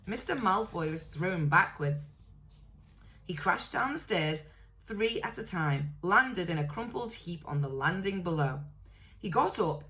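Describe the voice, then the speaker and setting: Woman reading a storybook aloud. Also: on the low side. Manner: steady read-aloud with small self-corrections. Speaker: reader.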